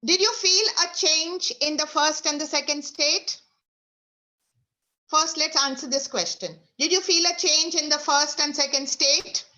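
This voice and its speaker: A woman's voice: high-pitched, steady tone, a little slow, pushed and bright, rough recording. A woman leading an online motivational workshop, guiding listeners through exercises with repeated instructions. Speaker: speaker leading an online session. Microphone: video call.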